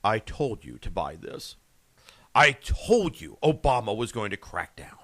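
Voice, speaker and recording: A man's voice: lowish voice, sing-song, a little slow, pushed and bright, pitched below the performer's own voice, full character voice. A man doing an impression of a grave male pundit issuing solemn warnings.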